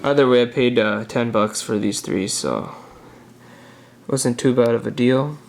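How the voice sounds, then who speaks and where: A young man talking casually through his banknote collection for a vlog, relaxed and halting, pausing with "uh" as he reads dates off the notes. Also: medium pitch, creaky, a little hiss or hum. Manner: relaxed, halting, many "uh" pauses while reading notes. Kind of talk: casual show-and-tell vlog.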